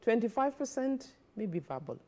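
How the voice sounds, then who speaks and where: A woman's voice: on the high side, sing-song, moderate pace, dark tone. A woman, a guest expert on a studio television interview, explaining earnestly and often repeating words as she advises parents.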